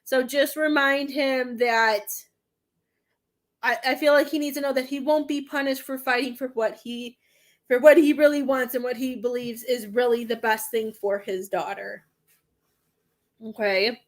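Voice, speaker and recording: Emotional woman medium, slightly high voice. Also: steady tone. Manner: emotional, halting, repeats herself. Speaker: psychic medium giving a reading. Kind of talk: live spiritual reading, casual.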